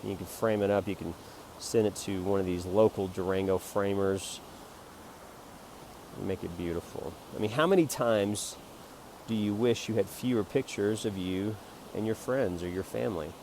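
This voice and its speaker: A man with a somewhat low voice rambles through a jokey, self-promoting pitch for his photo prints. He swings from loud, excited bursts to quiet mutters, and faint vehicle noise hums behind him. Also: normal speed. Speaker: amateur photographer selling prints.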